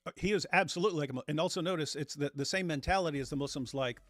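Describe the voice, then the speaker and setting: A man hosting a show, giving animated, sarcastic commentary on clips. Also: a little high, racing, no echo, clean studio sound. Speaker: host. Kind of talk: reacting to clips, casual chat.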